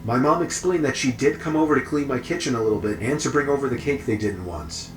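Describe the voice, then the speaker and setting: A man reading a first-person horror story aloud in a steady, even way. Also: mid-range voice, fast. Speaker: story narrator. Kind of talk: scripted horror story narration. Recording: echoey with faint music behind.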